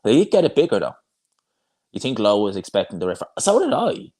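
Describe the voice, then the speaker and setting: Man, young, casual live-stream chat, rambling, fairly low voice. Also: very animated, fast, mellow. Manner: chatty, rambling, frequent restarts and fillers. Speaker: boxing YouTuber hosting a live watch-along.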